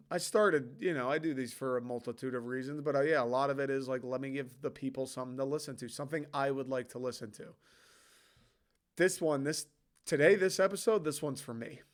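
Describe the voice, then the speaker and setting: A man's voice: medium pitch, brisk. A young man hosting a solo podcast, rambling loosely and swearing casually. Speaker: podcast host.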